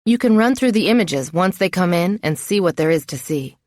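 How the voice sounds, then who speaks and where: A woman's voice: lowish voice, animated, brisk, a little mellow, no echo, studio quality, lightly acted. A woman reading an audiobook voices a commanding male team leader who speaks in curt, firm questions and orders.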